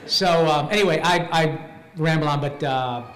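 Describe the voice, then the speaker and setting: A man's voice: on the high side, fairly bright tone, soft background music. A man on a voice actor panel, chatting casually and rambling with lots of fillers and laughs. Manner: rambling, halting, laughing often. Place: convention panel room. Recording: echoey convention hall with faint noise.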